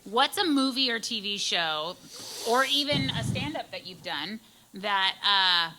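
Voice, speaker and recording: A woman moderating a convention panel, asking questions in an earnest, slightly halting way. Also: medium pitch, expressive, background noise. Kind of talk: interviewer questions.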